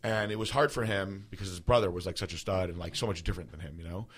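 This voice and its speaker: A man's voice: low voice, fairly even intonation, fast. A man in his thirties telling a personal story in a casual, rambling way, full of fillers. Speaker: podcast host.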